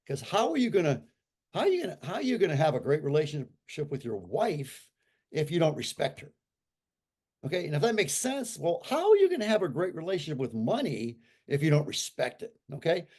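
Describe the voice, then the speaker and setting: Animated, emphatic man in his sixties. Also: on the high side. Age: 60s. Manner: animated and emphatic, repeats points for effect. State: recovering from a stroke. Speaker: interview guest. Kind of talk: casual conversational talk.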